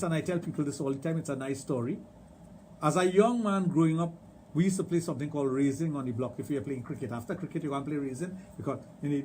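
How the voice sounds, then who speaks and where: Middle aged trinidadian guy on radio, repeats himself for emphasis, kinda high-pitched, bit of hiss. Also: a little mellow. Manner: emphatic, storytelling, repeats phrases. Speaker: radio show host, sexologist. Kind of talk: casual radio chat.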